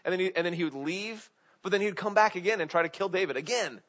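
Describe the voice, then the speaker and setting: A man's voice: high voice, fast, a bit bright. A man preaching a casual sermon, asking his congregation questions and leaning on filler words. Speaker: pastor. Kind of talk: conversational sermon. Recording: dull lo-fi recording.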